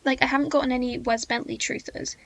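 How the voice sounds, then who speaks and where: A young British woman hosting a podcast, chatting casually in an excitable, giggly way. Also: sits high, quick pace, soft background music. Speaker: podcast host. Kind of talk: casual chat.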